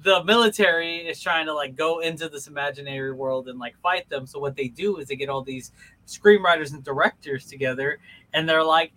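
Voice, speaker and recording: Animated high-voiced young man. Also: a little fast, rough recording. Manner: animated storytelling, loud put-on voices. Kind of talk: casual chat.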